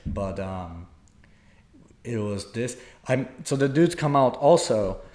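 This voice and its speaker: Young man, from Poland, casual podcast chat, rambling storyteller, lots of fillers, mid pitch. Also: lively intonation, takes it slowly, a little mellow. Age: young adult. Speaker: podcast co-host.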